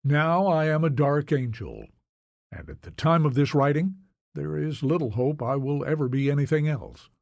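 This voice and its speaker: A man narrating an audiobook in a measured, solemn storytelling manner. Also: on the high side, animated, gravelly, darkish tone, dry recording.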